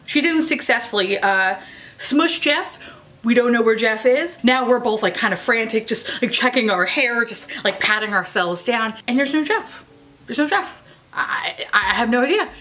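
A woman with a bright, rather high voice spins a crude comic story for her viewers. She swears freely, laughs through her lines and throws in dramatic asides as she goes. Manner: profane, animated, breaks into laughter. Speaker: beauty vlogger.

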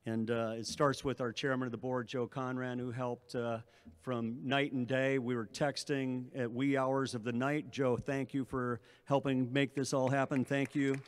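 A man's voice: mid-range voice, little pitch movement, normal speed, clean tone. Man giving rambling press-conference thanks. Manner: rambling thank-yous with many restarts. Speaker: athletic director.

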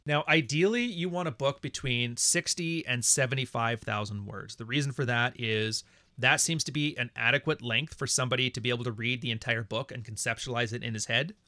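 A man's voice: mid-range voice, a little fast, sharp tone, no echo. A Canadian man hosting a casual livestream, talking in a blunt, profane, rambling way. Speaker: podcast host.

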